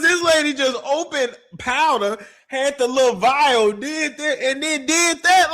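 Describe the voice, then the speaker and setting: A man hosting a reaction show and commenting on a clip in an animated, laughing, profane and incredulous way. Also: extremely high pitch, a little slow, few pauses.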